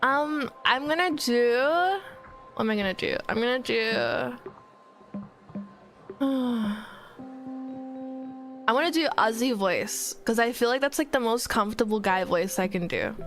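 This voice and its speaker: A woman streaming a game live, excitable and swearing, with squealing outbursts. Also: on the high side, measured pace, long pauses. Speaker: VTuber streamer. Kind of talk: live gameplay commentary. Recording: game music playing behind.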